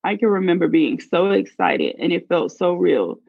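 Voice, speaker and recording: Gravelly woman reading her own story. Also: lowish voice, moderate pace, dry recording, phone-quality sound. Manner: earnest, confessional. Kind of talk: first-person story reading.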